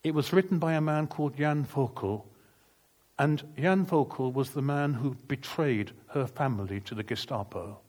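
An earnest male preacher telling a testimony from the pulpit, his pitch sitting at an ordinary middle level. He speaks with steady conviction and acts out the dialogue of the people in his story. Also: moderate pace. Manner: earnest, emphatic testimony with vivid retold dialogue. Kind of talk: sermon storytelling.

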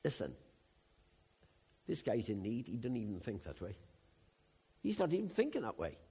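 A man, preaching a sermon in an animated, conversational storytelling way. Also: mid-range voice, moderate pace, breathy edge. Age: 70s.

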